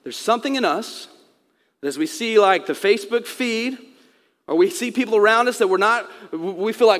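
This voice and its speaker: High-voiced man preaching in a hall. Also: animated, fairly quick. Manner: conversational preaching, acts out quotes. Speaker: pastor. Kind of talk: sermon.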